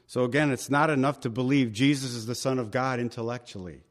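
A man's voice: medium pitch, a little fast. A male pastor giving a verse-by-verse Bible teaching sermon, conversational and emphatic, with chatty asides to the congregation.

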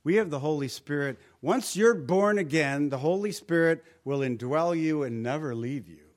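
A male pastor delivering a sermon with a slightly high-pitched voice. He speaks conversationally and leans on rhetorical questions. His tag lines drop soft and low. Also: normal speed.

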